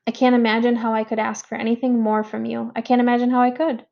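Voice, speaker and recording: A mother who talks to her son in a calm, quiet way, as a woman reader puts her on. The voice sits a little high and has a gravelly texture. The recording sounds dull and lo-fi. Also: fast talker. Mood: emotional. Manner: quiet and steady.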